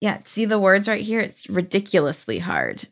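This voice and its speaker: A woman's voice: medium pitch, huge pitch swings, moderate pace, vocal fry. A woman hosting a podcast in casual chat, upbeat and teasing. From United States. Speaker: podcast host.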